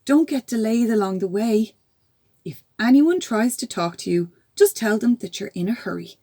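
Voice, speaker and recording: A woman's voice: on the high side, animated, moderate pace, dark tone. A woman doing an anxious mum giving orders. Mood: instructing. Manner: urgent, instructing. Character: worried mother sending her daughter out.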